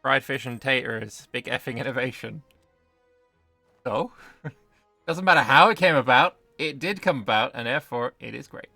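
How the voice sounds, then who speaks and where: A British man livestreams a strategy game, swearing casually and bantering with chat in British English commentary. His mid-range voice is creaky with a sharp tone, at normal speed with frequent pauses, recorded without echo over soft background music.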